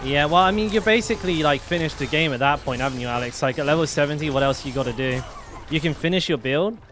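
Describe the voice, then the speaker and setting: A man's voice: fairly high pitch, quick pace, a bit bright, a little hiss or hum. A young man chatting casually while streaming a game, rambling with lots of fillers and restarts. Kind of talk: casual live-stream chat.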